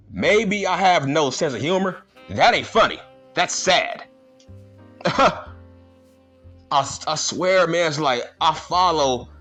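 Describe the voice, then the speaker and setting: A man's voice: mid-range voice, pushed and bright. A man ranting in a vlog, indignant and slangy, firing the same rhetorical questions again and again. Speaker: vlogger.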